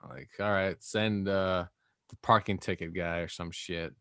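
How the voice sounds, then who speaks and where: A man's voice: low voice, steady tone, a little slow, fairly bright tone, clean tone, no room sound, studio quality. A man co-hosting a podcast, telling a story in loose, rambling casual chat. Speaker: podcast co-host.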